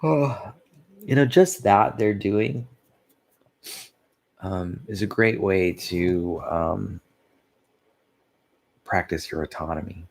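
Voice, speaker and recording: A man's voice: low-pitched, drawn-out words, gravelly, pauses often. A tired, sleepy man rambling casually in a vlog, yawning, losing his thread and chuckling at himself. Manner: meandering, loses his thread, laughs softly at himself. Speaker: vlogger.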